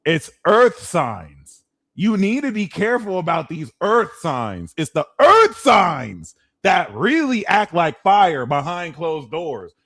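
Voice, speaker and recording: A man giving a casual astrology monologue, swearing freely and acting out quick impressions. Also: sits high. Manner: animated, swears, acts out impressions. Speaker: astrology reader.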